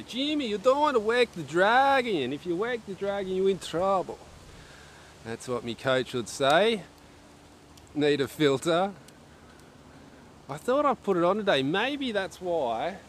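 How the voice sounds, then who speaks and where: Chatty man streaming live outdoors. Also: fairly high pitch. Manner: chatty and joking, reads viewer chat aloud. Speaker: archery livestream host. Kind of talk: casual live-stream chat. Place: outdoors at an archery range in wind. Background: wind noise.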